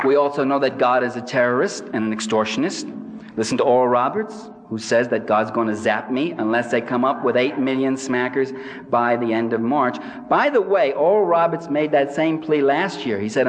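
A man's voice: mid-range voice, moderate pace, slight background noise. A man giving a satirical public lecture to a live audience, sardonic and mocking. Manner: sardonic, mimics quoted people with exaggerated voices. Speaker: speaker addressing a live audience. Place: large hall with audience. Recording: distant reverberant hall recording.

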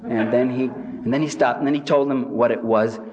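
A man's voice: mid-range voice, steady tone, moderate pace, darkish tone, dull audio. A man giving a satirical public lecture to a live audience, sardonic and mocking. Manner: sardonic, mimics quoted people with exaggerated voices. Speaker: speaker addressing a live audience. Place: large hall with audience. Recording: distant reverberant hall recording.

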